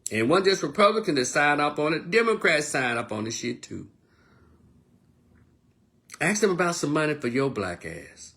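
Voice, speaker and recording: A man delivering a blunt, profane monologue as an online commentator, swinging between loud outbursts and low, quieter stretches. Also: normal speed, creaky, pauses often. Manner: blunt, profane, animated rant. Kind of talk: casual ranting monologue.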